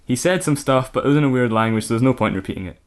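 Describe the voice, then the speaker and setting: A man's voice: mid-range voice, racing. Man reading a crude comic story. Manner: deadpan narration broken by laughter. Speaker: podcast co-host reading a comic fan story.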